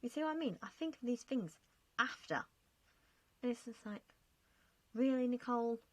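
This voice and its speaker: A woman's voice: on the high side, sing-song, moderate pace, fairly bright tone, breathy edge, no echo. A young woman chatting casually over gameplay, self-mocking and laughing often as she talks through her choices. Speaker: game vlogger.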